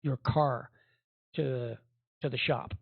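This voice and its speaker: A man's voice: medium pitch, steady tone, takes it slowly, vocal fry, husky, dry recording. A man hosting a podcast, giving rambling, indignant commentary with many fillers. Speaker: podcast host. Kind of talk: casual commentary. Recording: tinny phone-like audio.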